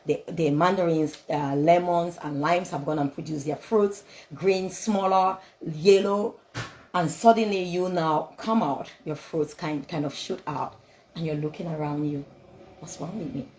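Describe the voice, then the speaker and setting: Woman, non-native English, low voice, motivational speaker, repetitive, rhetorical, faint background noise. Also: fairly even intonation, a little slow, a little mellow, low-quality recording. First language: not English. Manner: emphatic, repetitive, rhetorical questions. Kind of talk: motivational talk with scripture.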